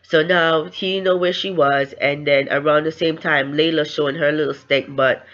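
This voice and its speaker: A woman's voice: deep voice, steady tone, normal speed, fairly bright tone, dull audio. A woman giving a casual book recap, chatty and loose, often slipping into the characters' lines as she retells the story. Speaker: book reviewer.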